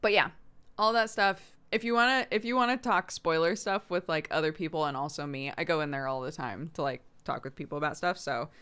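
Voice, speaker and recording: A woman's voice: low-pitched, fairly quick, sharp tone, smooth. A woman streaming from home, chatting casually with lots of "like" fillers and frequent laughs. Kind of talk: casual chat.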